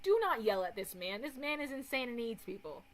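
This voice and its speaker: Animated, lively-voiced woman streamer. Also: fairly high pitch, brisk, rough recording. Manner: animated, swearing, laughing often. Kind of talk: casual stream chat reacting to a video.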